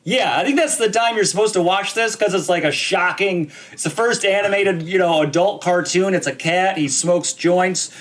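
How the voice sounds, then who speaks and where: A young man co-hosting a casual podcast chat over a video call, animated and acting out what others said. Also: high voice, normal speed, few pauses. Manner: animated, acts out quoted voices. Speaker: podcast co-host.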